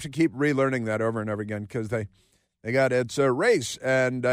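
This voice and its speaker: A man's voice: mid-range voice, brisk, no room sound. A male talk radio host in a studio, delivering a sarcastic, rambling monologue full of filler words.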